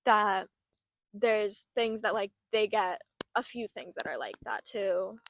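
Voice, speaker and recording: A woman's voice: mid-range voice, steady tone, slow pace, a bit bright, slight background noise. A young woman co-hosting a casual chat, reflective and full of "like" fillers. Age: young adult. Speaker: podcast co-host.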